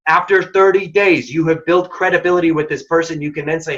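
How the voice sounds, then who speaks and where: A man's voice: on the high side, steady tone, a little fast, hardly any pauses, a bit bright, muffled recording. A man leading a workshop on workplace conflict, speaking directly and energetically, sometimes acting out quoted dialogue. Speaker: workshop presenter. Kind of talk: career advice talk.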